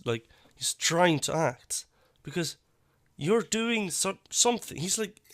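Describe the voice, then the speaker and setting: A man rants through a reaction commentary, blunt and full of curses. His voice sits a bit high. The sound is dry and close, with no room around it. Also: no echo. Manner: blunt, profane, animated. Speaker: YouTube commentator.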